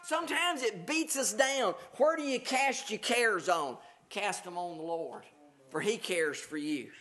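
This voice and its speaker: A pastor preaching a conversational sermon, reading scripture aloud and explaining it with frequent fillers and restarts. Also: male voice, high-pitched, lively intonation, unhurried, pushed and bright.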